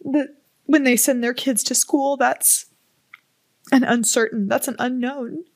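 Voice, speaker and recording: A woman hosting a solo podcast, talking slowly and candidly with open emotion and casual swearing. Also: on the high side, steady tone, no echo. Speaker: podcast host. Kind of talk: heartfelt solo podcast talk.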